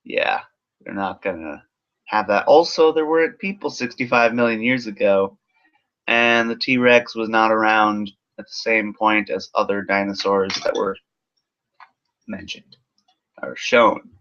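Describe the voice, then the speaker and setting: A man's voice: fairly low pitch, measured pace, fairly bright tone. Sarcastic man rambling through a review. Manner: sarcastic, rambling, swears freely. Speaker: movie reviewer. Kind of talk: casual spoken film review. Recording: dull lo-fi recording.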